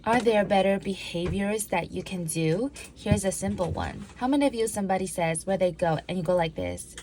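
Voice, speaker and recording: A woman's voice: mid-range voice, moderate pace, darkish tone, slight background noise. A woman who once worked in law enforcement gives a talk on body language, acting out examples and leading the audience through drills. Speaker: public speaker on body language; former law enforcement officer.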